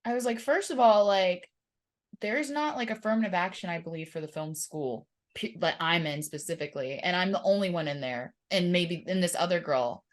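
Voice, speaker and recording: A woman's voice: fairly low pitch, normal speed. A woman hosting a podcast, telling stories conversationally with many filler words. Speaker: podcast host. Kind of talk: conversational interview chat.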